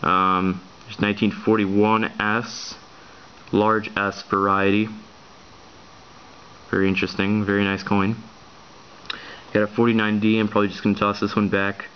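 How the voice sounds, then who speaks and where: A man with a fairly low voice talks through his finds in a loose, show-and-tell manner. He hesitates often, filling gaps with ums and restarting his sentences, and hurries along. The camera audio is dull and lo-fi, with faint noise behind him. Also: little pitch movement, moderate pace, pauses often. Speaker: coin collector vlogger. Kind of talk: casual show-and-tell vlog.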